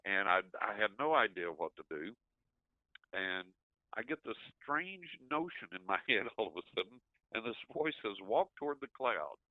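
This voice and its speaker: An older man, telling an animated story as an interview guest and acting out his own reactions. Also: on the low side, moderate pace, no room sound. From West Texas. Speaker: guest, psychic. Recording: dry, tinny phone line.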